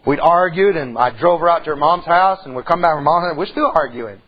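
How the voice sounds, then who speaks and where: A middle-aged man preaching a sermon in church, telling a folksy story and swinging from soft to loud. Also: on the high side, quick pace, husky, dull audio. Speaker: pastor.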